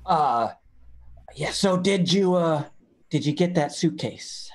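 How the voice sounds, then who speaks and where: A man's voice: fairly high pitch, lively intonation, slow. A man improvising comedy lines over a webcam call, hesitant and starting with "uh, yeah". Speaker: improv player. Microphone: webcam on a video call.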